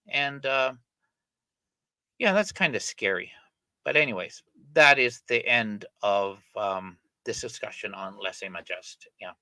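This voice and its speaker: A man's voice: mid-range voice, a little slow, pushed and bright, dry recording, poor audio. A middle-aged man hosting a channel, giving casual spoken commentary on an article he is reading, rambling along with frequent fillers and self-corrections. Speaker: channel host discussing an article.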